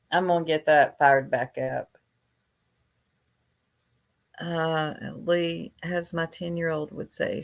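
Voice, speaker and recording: A woman chats catty gossip on a casual livestream, drawling low and slow and dwelling on every jab she lands.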